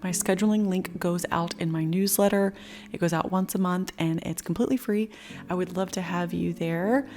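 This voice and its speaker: A young woman hosting a casual spiritual podcast, chatty and rambling, talking fast with an upbeat, affectionate tone toward her listeners. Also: fairly low pitch, fairly even intonation, darkish tone. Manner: fast-talking, slowing down at times. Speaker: podcast host.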